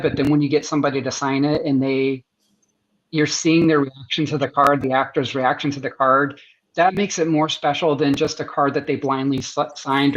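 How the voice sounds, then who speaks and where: A man's voice: on the high side, lo-fi sound. A man talking as a guest artist in a casual interview, enthusiastic and rambling with many restarts, heard over a video call.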